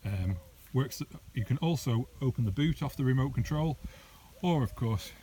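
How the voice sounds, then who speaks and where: A man's voice: medium pitch, animated, normal speed, warm tone. A British man giving a chatty, informal walkaround of his car, with lots of ums and casual asides. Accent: British English. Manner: chatty, filler-heavy, informal. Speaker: private car seller. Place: inside a parked car.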